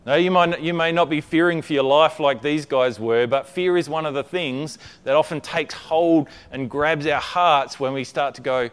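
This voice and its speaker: A man's voice: a little high, moderate pace, hardly any pauses, clean tone. A man preaching a conversational sermon, often checking in with his listeners and repeating words as he builds a point.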